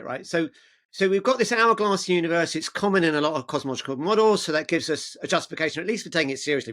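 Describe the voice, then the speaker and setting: A man's voice: on the high side, a bit bright. A man hosting a discussion, summarizing the points and wrapping up, often repeating words as he starts. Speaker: host. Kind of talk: casual discussion.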